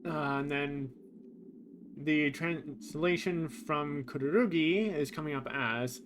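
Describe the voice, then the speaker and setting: Man, game streamer, casual commentary, slightly raised pitch, thinking aloud. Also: slow, background noise. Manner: thinks aloud, reads quoted lines in a plain voice. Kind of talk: casual commentary on a game's translation.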